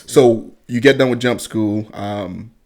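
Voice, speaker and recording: A man hosting an interview show, giving short replies and asking slow, easy questions. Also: lowish voice, a little mellow. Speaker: podcast host. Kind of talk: casual interview.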